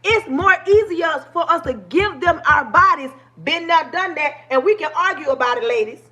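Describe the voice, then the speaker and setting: A woman in her forties speaks with a high voice. She is streaming live into a phone camera, talking to her viewers with passion and a preachy edge. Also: lively intonation, normal speed, bright, forceful tone. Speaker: livestream host. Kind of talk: livestream talk.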